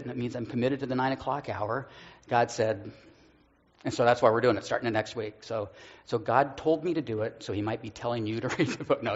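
A man's voice: mid-range voice, lo-fi sound. A man, a pastor, sharing a personal story in a sermon, earnest and self-deprecating, with stammered restarts.

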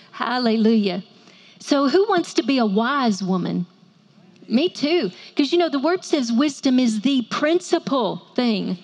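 A woman's voice: sits high, a little mellow. A woman, preaching to women with playful asides and call-and-response. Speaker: women's ministry speaker. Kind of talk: sermon to a women's audience.

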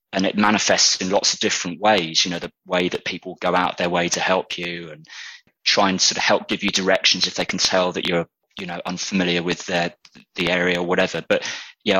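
British male guest, deep husky voice, dry close sound, chatty and reflective. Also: sharp tone, dry recording, poor audio. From Britain. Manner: thoughtful, with frequent restarts. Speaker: interview guest. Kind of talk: casual conversational interview.

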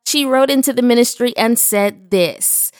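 A woman's voice: fairly high pitch, a little slow, no room sound. A woman hosting a devotional podcast, preaching with an exuberant, emphatic, praise-filled delivery from a studio. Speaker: podcast host and ministry founder.

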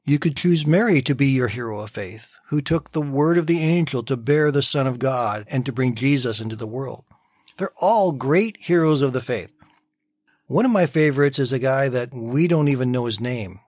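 A man speaks to listeners to open their day, telling a story with easy, storytelling warmth and moving into scripture readings. His voice sits at a middling pitch and sounds close and dry, with no room around it. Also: dry recording. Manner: warm storytelling, reads scripture aloud with gentle emphasis. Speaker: devotional radio host. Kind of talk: short morning devotional talk.

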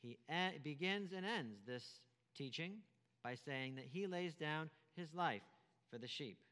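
A man's voice: fairly high pitch, animated, measured pace, pushed and bright, smooth, long reverb tail. A man preaching a sermon as pastor, emphatic, repeating key phrases and asking rhetorical questions.

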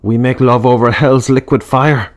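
A man's voice: lowish voice, level tone, unhurried, darkish tone, close to an everyday voice. A man putting on a wild metalhead postman. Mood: rapturous. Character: reckless male postman, heavy metal fan.

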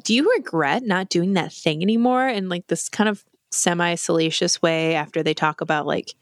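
A woman's voice: lowish voice, no room sound, clean studio sound. Chatty woman recapping a horror film. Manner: animated, swears freely, acts out characters' lines in quick impressions. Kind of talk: casual chat.

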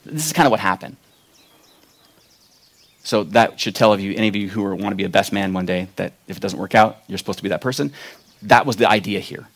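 A man preaching a sermon, retelling a Bible story with acted-out quotes and loud, emphatic peaks. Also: medium pitch, fairly quick. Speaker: pastor.

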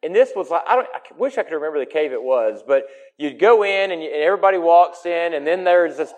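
Guy preaching a sermon, kinda high voice, gets loud then drops soft. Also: lively intonation, quick pace. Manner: emphatic, swings between loud and soft.

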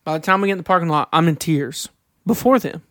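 A high-pitched man talks earnestly on a faith podcast, sharing candid stories and slowing down to read scripture aloud. The sound is close and dry, with no room around it. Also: fairly bright tone, no echo. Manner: earnest, reads scripture slowly, confessional storytelling. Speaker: podcast co-host.

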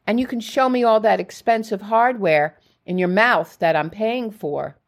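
A woman's voice: medium pitch, normal speed, close to an everyday voice. A woman reading the lines of a jovial, doting father visiting his daughters, in her own voice. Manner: jovial, coaxing.

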